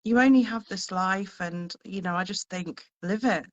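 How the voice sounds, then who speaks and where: A woman's voice: mid-range voice, moderate pace. A woman hosting a casual chat, effusive and motivational, with lots of fillers. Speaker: host. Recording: slightly dull lo-fi audio.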